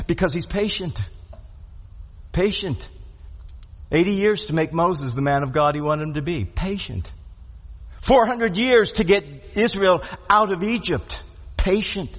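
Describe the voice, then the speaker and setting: A man's voice: high-pitched, animated, unhurried, a bit bright. A man preaching a sermon, earnest and repetitive, asking rhetorical questions and pressing each point home. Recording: long hall reverb.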